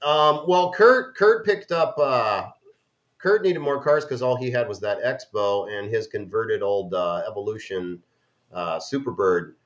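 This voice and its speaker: A man's voice: lowish voice, a little slow. A man chatting casually and eagerly as a guest. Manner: eager, enthusiastic. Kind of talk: casual chat. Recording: dull lo-fi call audio.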